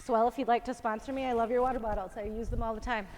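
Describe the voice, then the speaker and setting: A woman's voice: fairly high pitch, fairly even intonation, racing, a little mellow, big-room sound, soft background music. A woman fitness instructor coaching a home workout, encouraging and counting reps aloud while out of breath. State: out of breath, winded.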